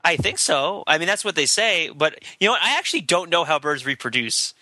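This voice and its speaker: A man hosting a podcast in casual, jokey chat, going off on animated digressions. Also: on the high side, a little fast, poor audio. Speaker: podcast host.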